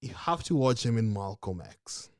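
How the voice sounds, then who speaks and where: A woman co-hosting a podcast with an unusually deep voice for a woman that still rises and falls with lively swings. She talks in a laid-back, slow, unhurried way in casual chat, recorded close and dry. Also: dry recording. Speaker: podcast co-host.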